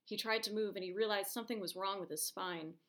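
A woman reading a short story aloud, narrating it at a steady, measured pace and voicing the characters' lines. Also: medium pitch.

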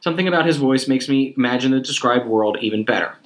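A man's voice: medium pitch, fast talker. A man co-hosting a podcast in casual chat, telling stories animatedly and swearing casually. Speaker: podcast co-host.

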